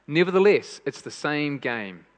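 Guy preaching, earnest, keeps repeating himself, somewhat high voice, long echo. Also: expressive, unhurried. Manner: earnest, repeats phrases for emphasis. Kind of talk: sermon. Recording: long hall reverb.

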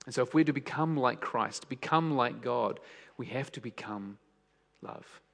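A man giving a sermon, telling stories with soft, hushed moments and emphatic questions. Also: mid-range voice, measured pace, creaky. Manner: storytelling, shifts between soft hushed lines and raised emphatic questions. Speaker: preacher. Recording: long hall reverb.

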